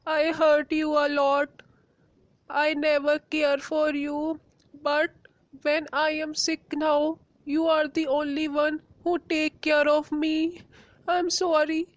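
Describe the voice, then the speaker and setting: A woman's voice: high voice, level tone, slow pace, no echo, dull audio. A woman voicing a sick mother who speaks in a plaintive, apologetic way. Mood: remorseful. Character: remorseful sick mother, sharp with her spoiled daughter.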